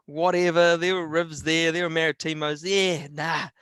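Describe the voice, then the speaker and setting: A man's voice: on the high side, normal speed, clean tone, no room sound. A man co-hosting a podcast, telling stories with enthusiasm in casual chat. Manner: enthusiastic, animated storyteller. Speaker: podcast co-host. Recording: dry close recording.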